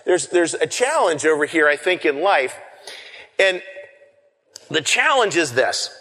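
A man preaching a sermon in a loose, conversational way, often repeating and restarting words, swinging between loud shouts and hushed whispers for effect. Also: a little high, sing-song, measured pace. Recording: long reverb of a hall.

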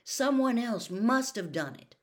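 A woman's voice: on the high side, lively intonation, unhurried, pitched above the performer's own voice. A woman voicing an earnest, frustrated teenage boy who insists he is telling the truth, in a storybook reading. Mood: indignant. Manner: indignant, pleading.

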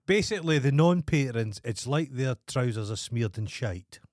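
A man's voice: medium pitch, expressive, normal speed, a little mellow, no room sound, studio quality. A Scottish man co-hosting a podcast, making crude, sardonic jokes in casual chat. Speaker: podcast co-host.

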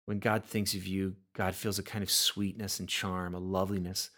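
A man preaching a sermon in a somewhat low voice. He talks earnestly, often repeating words as he builds toward a point. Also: little pitch movement, moderate pace, a bit bright. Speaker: pastor.

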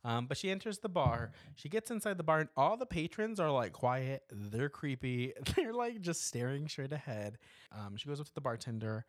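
A man's voice: mid-range voice, moderate pace, no echo, studio quality. A man in casual chat, retelling a horror film's plot with fillers and laughs. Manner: animated storytelling with frequent laughs and fillers. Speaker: podcast co-host recapping a horror film.

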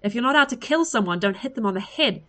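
A woman reading aloud, voicing a sharp-tongued young woman on the run with a snappish, sarcastic manner. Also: fairly high pitch, expressive, quick pace, pitched above the performer's own voice. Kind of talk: read-aloud story.

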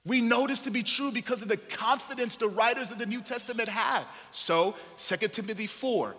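Man, pastor, sermon, high voice, bright tone, conversational asides, emphatic preaching, church sanctuary. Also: fairly quick, hardly any pauses. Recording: long hall reverb.

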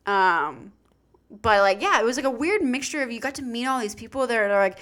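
A woman's voice: fairly high pitch, fairly quick. A young woman co-hosting a podcast, telling a travel story in casual chat and acting out the voices of people she met. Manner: animated storyteller, acts out quoted voices. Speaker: podcast co-host.

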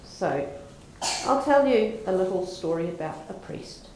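A woman's voice: lowish voice, lively intonation, measured pace, darkish tone, a little hiss or hum. A woman giving a sermon in a conversational, storytelling manner. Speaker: preacher. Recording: echoey room.

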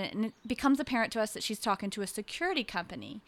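A woman co-hosting a podcast, telling an animated story in casual chat and acting out the voices of people she quotes. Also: mid-range voice, fast talker. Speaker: podcast co-host.

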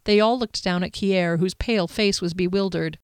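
A woman narrating a fantasy novel in a steady storytelling manner. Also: lowish voice, moderate pace, clean tone, no echo, clean studio sound. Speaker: audiobook narrator. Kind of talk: scripted narration.

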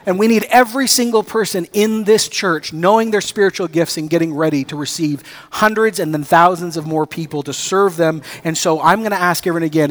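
A man preaching a sermon as pastor, telling stories with acted-out dialogue and rising to excited emphasis. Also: fairly high pitch.

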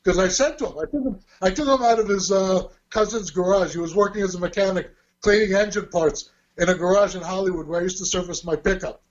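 Man telling stories in a high voice. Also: fast talker. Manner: animated, acts out quoted dialogue. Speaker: guest telling a life story. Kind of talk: casual anecdotal storytelling. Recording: dull lo-fi audio.

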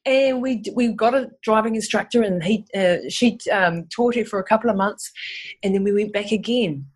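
A New woman shares a personal story as a guest. Her voice has a husky edge. She tells it in an animated way, restarting sentences and acting out what others said. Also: medium pitch, moderate pace. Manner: animated, acts out quotes, frequent restarts.

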